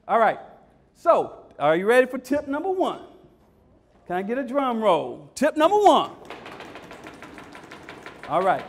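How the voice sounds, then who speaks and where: Male workshop speaker, strikingly high voice, preacherly call-and-response, hammers repeated lines. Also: huge pitch swings, unhurried, long pauses. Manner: call-and-response, repeats phrases, keeps asking "Hello?". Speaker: education speaker leading a parent workshop. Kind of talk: energetic motivational workshop talk.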